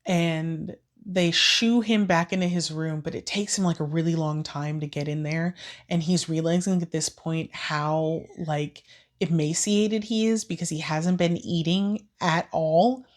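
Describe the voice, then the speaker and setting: A woman with a scratchy voice recapping and ranting about a book in a casual vlog, swearing freely and jumping into quick quoted voices for each character. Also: low voice, steady tone. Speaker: book vlogger.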